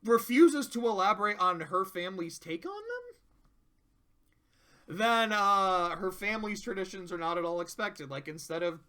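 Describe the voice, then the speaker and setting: A man talks through episode rankings in a loose, unscripted way, swearing freely and laughing often as he gets worked up. His voice sits a little high and sounds strikingly bright and sharp. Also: normal speed. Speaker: tier list reviewer. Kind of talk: casual review commentary.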